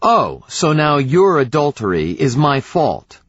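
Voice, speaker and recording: A woman's voice: sits low, sing-song, unhurried, husky, no echo, voice pushed up, exaggerated voice. A man reading an audiobook, voicing an angry, bitter wife who snaps accusations at her husband. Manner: sharp, demanding, voice climbing. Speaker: character in audiobook. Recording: slightly dull audiobook recording.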